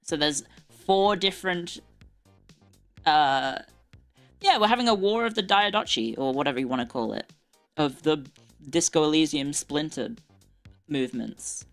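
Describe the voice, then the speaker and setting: Chatty, lower-voiced woman streamer. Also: a little slow, pauses often, soft background music. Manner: chatty, swears, laughs often. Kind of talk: casual live-stream chat. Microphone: desk mic with earbuds.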